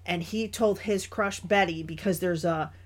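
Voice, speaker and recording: A woman's voice: fairly low pitch, measured pace. A woman co-hosting a podcast, chatting casually about a film and laughing often. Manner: animated, laughs often while talking. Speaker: podcast co-host. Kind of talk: casual chat reviewing a film.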